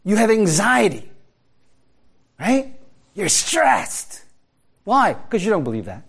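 Animated high-voiced preacher man. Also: takes it slowly, vocal fry, husky. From America. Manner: conversational preaching, rhetorical questions, frequent laughs. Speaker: pastor. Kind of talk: sermon.

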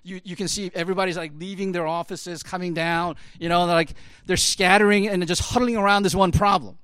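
A man's voice: sits high, fairly even intonation, a little fast, a bit bright, clear, resonant tone, dry recording. A man telling a story in a casual talk, full of fillers like "like" and "you know", building up to emphatic bursts. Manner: casual, lots of fillers, rising to emphatic peaks. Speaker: speaker.

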